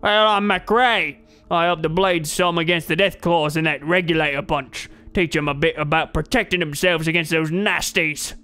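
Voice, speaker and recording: A man's voice: fairly high pitch, fairly even intonation, moderate pace, few pauses, pushed and bright, clean tone, faint music behind. A man doing a hearty bearded brawler. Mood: friendly. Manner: folksy, says "lad" and "me" for "my". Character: stout bearded brawler trainer, gruff and hearty.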